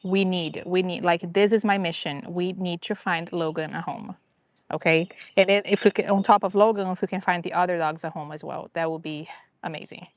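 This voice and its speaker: A woman's voice: on the low side, fairly even intonation, brisk, dry recording. A woman chatting casually on a live stream about rescue dogs, rambling and upbeat with lots of fillers.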